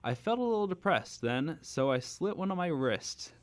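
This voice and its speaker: A man's voice: fairly high pitch, big pitch swings, moderate pace, no room sound. A young man hosting a comedy read-through of fan fiction, giggling and stumbling over names with chatty asides. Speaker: host reading fan fiction aloud.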